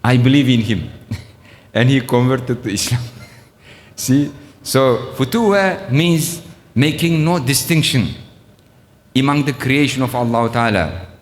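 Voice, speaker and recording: A middle-aged man giving an ethics lecture, speaking in a halting way with frequent pauses and soft chuckles. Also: medium pitch, expressive, slight background noise. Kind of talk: Islamic ethics lecture retelling a story. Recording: long reverb of a lecture hall.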